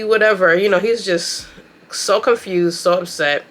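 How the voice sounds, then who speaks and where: A woman vlogger giving a chatty, slangy recap of a show while doing her makeup, very expressive as she talks. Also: mid-range voice, unhurried. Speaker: beauty and anime vlogger.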